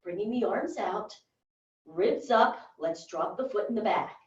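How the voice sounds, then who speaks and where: A fitness instructor leads a workout class, giving short, encouraging movement cues and counts. Her mid-range voice is expressive, unhurried and darkish in tone. The recording sounds roomy, distant and dull.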